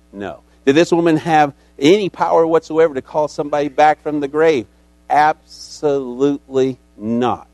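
A man's voice: a little high, darkish tone, dry recording. A man preaching a sermon as a pastor, telling the story dramatically and acting out its characters.

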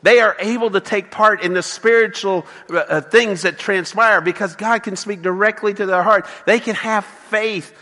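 A man's voice: sits high, normal speed, hardly any pauses, bright, forceful tone, long reverb tail. A man preaching a sermon as a pastor, emphatic, with frequent restarts and acted quotes.

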